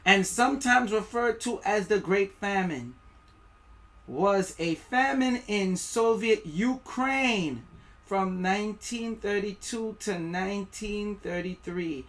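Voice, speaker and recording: A man's voice: sits high, slow, fairly bright tone. A man with a West Indian accent giving rambling, preachy live-stream commentary, reading aloud and stumbling over words.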